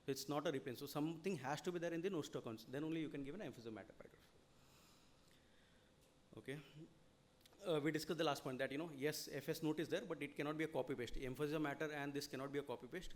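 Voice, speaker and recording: A man's voice: on the high side, a little hiss or hum. A man with an Indian English accent giving a seminar lecture, explaining at length and checking in with "okay?". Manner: rapid, explanatory, frequent "you know" and "okay?". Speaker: lecturer on audit reporting.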